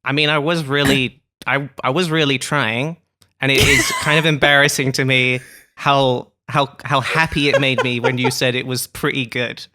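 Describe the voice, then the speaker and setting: A man's voice: mid-range voice, steady tone, normal speed, sharp tone. A man co-hosting a podcast, agreeable and chatty, often murmuring assent. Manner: agreeable, frequent backchannels. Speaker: podcast co-host. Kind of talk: casual chat.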